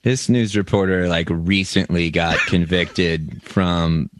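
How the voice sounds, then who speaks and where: A man's voice: deep voice, fairly even intonation, slow, noisy background. A man co-hosting a comedy podcast, riffing and laughing through joking banter. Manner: riffing, laughing often, jokey put-on voices. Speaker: podcast co-host.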